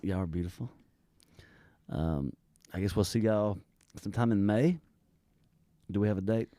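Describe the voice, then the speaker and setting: A man's voice: lowish voice, moderate pace, dry recording. A man, a podcast host effusively wrapping up a live show. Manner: warm, effusive sign-off, Southern "y'all". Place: live music venue.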